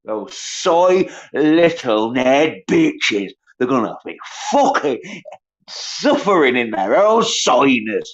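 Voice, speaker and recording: A man ranting profanely on a solo livestream, mocking others in high whiny voices. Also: big pitch swings, slow pace. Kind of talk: angry solo livestream rant. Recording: dull lo-fi stream audio.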